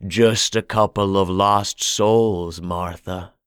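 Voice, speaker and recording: A man voicing a hoarse old country storekeeper with an eerie, drawling way of talking. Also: low voice, steady tone, slow, a bit bright, no echo, studio quality. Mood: eerie, knowing.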